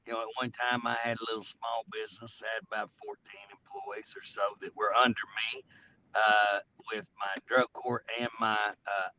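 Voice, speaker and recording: A man's voice: medium pitch, sharp tone, rough recording. A man, co-hosting a casual talk show and telling folksy stories. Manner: folksy storyteller. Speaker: co-host.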